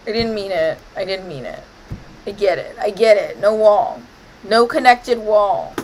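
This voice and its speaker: Woman streamer, mid-pitched, chatty gameplay talk, scolds the game in playful fake outrage. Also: animated, measured pace, darkish tone, a little hiss or hum, poor audio. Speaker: gaming streamer. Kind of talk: casual gameplay commentary.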